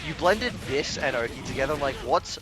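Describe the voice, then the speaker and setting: Man, esports co-commentator, animated lively pitch, laughs a lot, loud game music behind. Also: fast. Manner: laughs often, chatty and self-deprecating. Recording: stream with game music underneath.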